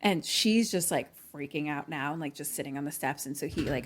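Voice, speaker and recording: A young woman talks through a movie's plot in casual podcast chat, full of "like"s, slipping into the characters' voices as she goes. Her voice sits on the lower side. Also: normal speed, slight background noise. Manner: chatty, many "like"s, acts out lines from the film. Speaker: podcast co-host.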